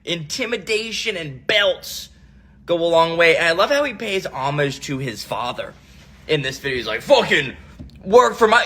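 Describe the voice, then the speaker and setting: A man's voice: on the high side, pushed and bright, slightly rough. A man in his thirties doing a profane, exasperated comic rant about parenting. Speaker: comedian.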